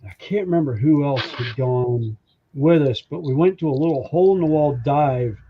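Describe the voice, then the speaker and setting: A man telling stories in a casual podcast chat, animated and acting out the voices of the people in his stories. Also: on the high side, normal speed, lo-fi sound. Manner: animated storyteller who acts out quoted voices. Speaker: podcast co-host.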